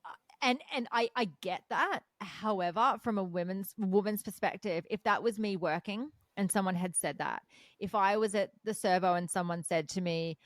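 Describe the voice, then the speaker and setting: A woman hosts a podcast conversation, speaking frankly and with animated storytelling. Her voice sits at a middle pitch, recorded close and dry with no room sound. The talk is casual and direct. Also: normal speed, no echo. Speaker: podcast host. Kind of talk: casual interview chat.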